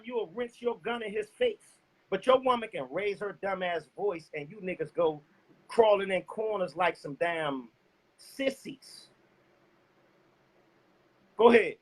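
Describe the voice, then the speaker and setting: A man preaching a loud, profane sermon and cueing a scripture reader. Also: sits high, low-quality recording. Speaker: street preacher. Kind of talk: fiery street sermon.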